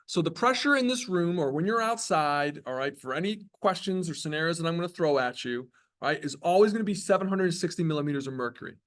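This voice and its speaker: Chatty lecturing man, slightly high voice. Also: expressive, fast, hardly any pauses, a bit bright. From New York. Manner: conversational, chatty, with frequent tag questions. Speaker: college biology lecturer. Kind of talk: classroom lecture. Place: classroom.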